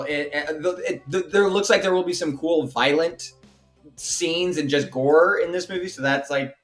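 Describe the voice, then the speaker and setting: Male podcast co-host, high voice, profane exasperated ranter. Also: a bit bright. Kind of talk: casual podcast chat.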